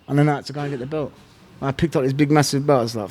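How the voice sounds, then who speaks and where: Middle-aged man, blunt and candid, slangy, mid-pitched voice. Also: fairly even intonation, rapid-fire, darkish tone. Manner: candid, blunt, swears freely, slang-heavy. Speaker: podcast guest, former fighter. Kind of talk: emotional storytelling.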